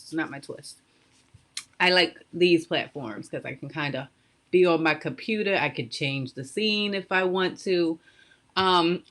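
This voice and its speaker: A woman's voice: low-pitched, a bit bright. A woman in her thirties or forties hosting a casual live stream from home on a computer mic. She talks chattily and greets her viewers by name. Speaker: live stream host, soap maker.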